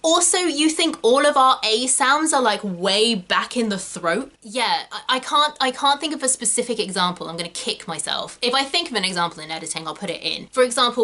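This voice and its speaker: Bright-voiced chatty British woman. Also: a little high, animated, normal speed, hardly any pauses. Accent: British English, non-rhotic. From Britain. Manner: chatty, goes off on tangents, corrects herself. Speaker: actor teaching accents. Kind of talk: casual video lesson.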